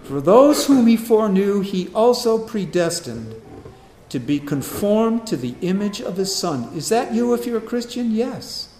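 A man preaching a sermon, emphatic, swinging between loud declarations and quiet low asides. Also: very animated, measured pace, slight background noise. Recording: echoey room with faint ambience.

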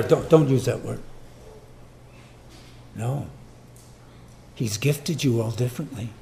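A man preaching a sermon, swinging between loud emphatic lines and quiet low asides, and acting out boastful voices in quick quoted bits. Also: vocal fry, a little hiss or hum.

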